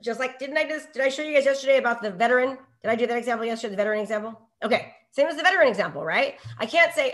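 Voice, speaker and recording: Middle-aged female real estate coach, bright higher pitch, energetic, runs a live online class with constant "okay?" check-ins. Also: racing, few pauses. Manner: energetic, peppers talk with rhetorical questions and "okay?".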